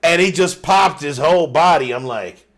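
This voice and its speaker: A male podcast host in casual chat, slightly high-pitched. He tells stories with animated energy. He swears freely and laughs often. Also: normal speed.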